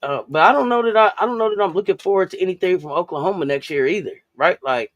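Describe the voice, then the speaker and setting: A man's voice: high-pitched, animated, fast talker, no echo, muffled recording. A man co-hosting a casual sports talk show, loose and chatty, often repeating himself. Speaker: co-host.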